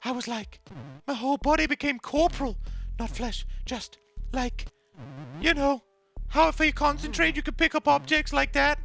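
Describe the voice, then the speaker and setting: A man voicing a nervous male ghost who tells his story haltingly in a shaky, high voice. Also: steady tone, vocal fry, fairly bright tone, faint music behind, full character voice. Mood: jittery. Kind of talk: reading game dialogue aloud.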